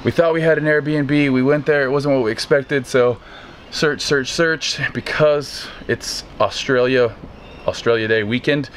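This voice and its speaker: A man's voice: mid-range voice, steady tone, unhurried, a bit bright. A laid-back man vlogging a tour through a house, slangy and rambling as he walks the handheld camera around. His voice sits mid-range for a man. The sound bounces in an echoey room with a faint hiss behind it. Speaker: fitness vlogger. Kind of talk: casual vlog tour.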